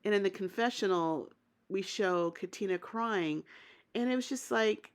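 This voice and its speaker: A woman's voice: medium pitch, a little slow. A woman giving a casual, opinionated spoken recap of a reality TV episode, thinking aloud as she goes. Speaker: TV show recap reviewer.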